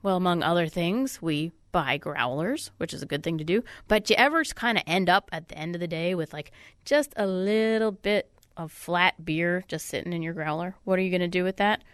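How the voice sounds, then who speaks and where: A woman's voice: on the low side, lively intonation, brisk, smooth, no echo, studio quality. A woman hosting a radio food show, chatty and upbeat, with a stuffy nose. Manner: chatty, upbeat, self-deprecating. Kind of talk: casual radio food segment. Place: radio studio. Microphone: studio microphone.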